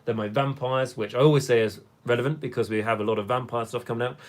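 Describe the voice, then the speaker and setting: A man's voice: mid-range voice, steady tone, fast talker. Rambling young man chatting on a live stream. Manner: rambling, chatty, many fillers. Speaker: hobby streamer. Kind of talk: casual live-stream chat.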